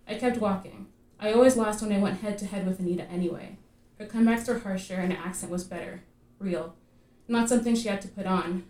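A woman author reads her story aloud at a live reading, telling it in a measured, vivid way. Her voice sits at a middle pitch and rings with a roomy echo, with faint noise in the background. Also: dark tone, recorded from a distance. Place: room at a live literary reading. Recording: echoey room at a live reading.

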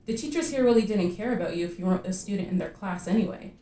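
A woman reading her own fiction aloud at a live literary reading, measured and vivid in her storytelling. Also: mid-range voice, mellow, recorded from a distance, a little hiss or hum. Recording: echoey room at a live reading.

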